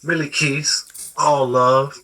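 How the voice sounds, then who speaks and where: A woman's voice: low-pitched, little pitch movement, slow pace, fairly bright tone, rough recording. A woman guest in a casual live-stream chat, laid-back and slangy.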